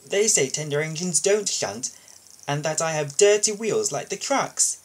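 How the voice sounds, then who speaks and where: Man voicing a gentle male steam engine, polite, plaintive, higher, husky. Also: measured pace. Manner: polite and mild, a little plaintive.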